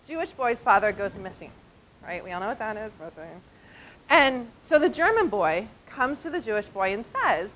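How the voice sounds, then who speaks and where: A woman in her forties, a diaconal minister, giving an animated conversational talk at a church conference. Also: on the high side, low-quality recording. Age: 40s. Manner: animated and conversational, often asking "right?". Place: conference hall.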